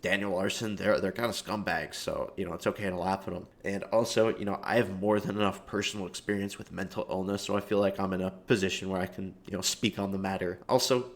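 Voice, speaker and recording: A man's voice: sits low, steady tone, fast, hardly any pauses. A man giving a rambling, profane comedic monologue, full of fillers like "you know". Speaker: video commentator.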